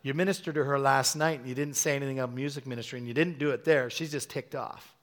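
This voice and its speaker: A middle-aged man preaching a sermon, telling a story with animated quoted voices. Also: fast talker. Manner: animated storytelling, acting out quotes with sudden high-pitched bursts.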